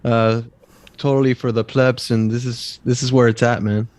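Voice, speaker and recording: A man's voice: medium pitch, flat delivery, moderate pace, a little mellow, no echo. A man appearing as a guest on a live stream, talking casually with many fillers and restarts. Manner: hesitant, filler-heavy.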